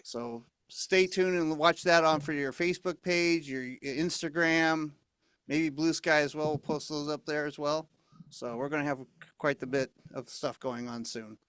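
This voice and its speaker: A man talking casually on a video call about his upcoming comedy shows, low-key and hesitant. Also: fairly even intonation, a little slow, fairly bright tone, clean tone, dry recording. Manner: low-key, with fillers and restarts. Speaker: comedy show host.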